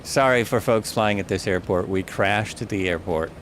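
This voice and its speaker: A man's voice: fairly low pitch, moderate pace, fairly bright tone, slight background noise. A man streaming a flight simulator, chatting casually and thinking aloud, often stopping to correct himself. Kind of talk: casual live gameplay commentary.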